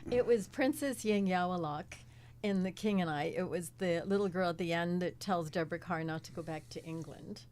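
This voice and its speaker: A woman's voice: on the low side, moderate pace, darkish tone, slight background noise. Older woman laughing through her stories. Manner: chatty, laughs often while telling stories. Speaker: guest, former child actress. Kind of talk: casual interview storytelling.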